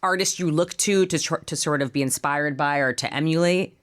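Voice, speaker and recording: A woman's voice: sits low, a little fast. A woman interviewing a band, asking questions with encouraging, effusive praise.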